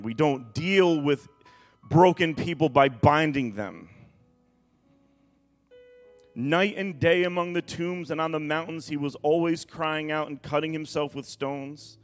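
A male pastor delivers a sermon with his voice pitched a little high, reading scripture dramatically and stopping to comment. Soft music plays quietly behind him. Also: measured pace. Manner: dramatic reading aloud, breaking into asides.

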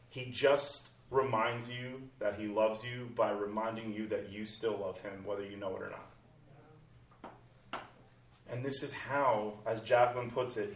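A man preaching a sermon, animated, moving between loud exclamations and soft hushed passages. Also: medium pitch. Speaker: pastor. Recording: roomy, from far off the mic.

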